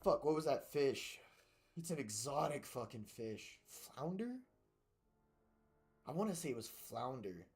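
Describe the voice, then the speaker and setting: A man's voice: medium pitch, expressive, measured pace, long pauses, over music. A young man streaming a game, chatting casually and telling rambling, profanity-laced stories. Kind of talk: casual chat while gaming.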